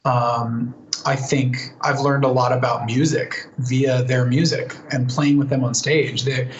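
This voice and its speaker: A man's voice: mid-range voice, lo-fi sound. A man chats casually through fan questions, thoughtful and rambling, with lots of fillers and restarts. His voice bounces around an echoey room. A faint ambient hum sits underneath. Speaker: singer answering fan questions. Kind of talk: casual live Q&A. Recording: roomy echo, faint ambience.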